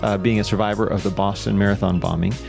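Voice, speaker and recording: A man hosting a podcast interview, speaking in a friendly, halting way and often pausing to rephrase. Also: lowish voice, steady tone, gravelly, music in the background. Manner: friendly, hesitant, many fillers and restarts. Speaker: podcast host.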